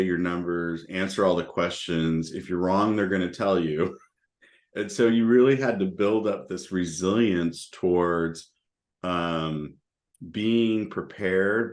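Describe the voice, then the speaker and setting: A middle-aged man on a panel, telling casual anecdotes in an easygoing way and chuckling between points. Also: sits low. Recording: roomy echo.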